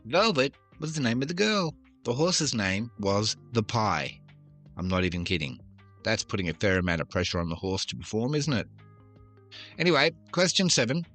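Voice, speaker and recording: A man's voice: fairly low pitch, lively intonation, moderate pace, fairly bright tone, soft background music. A man hosting a trivia podcast, reading questions with jokey, self-deprecating asides. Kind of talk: casual quiz podcast.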